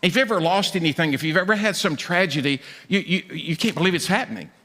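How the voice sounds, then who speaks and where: A man preaching from a church stage, with a high, forceful, bright voice that carries. He talks like a conversation, slipping into acted voices for the people he quotes. The sound rings out with the long reverb of a large hall. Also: quick pace. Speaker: pastor. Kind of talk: sermon.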